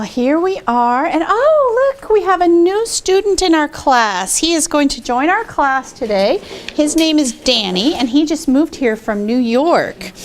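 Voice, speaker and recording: A woman with a high voice leads a children's TV show. She talks in a coaxing, teacherly way, asking the kids questions as she goes.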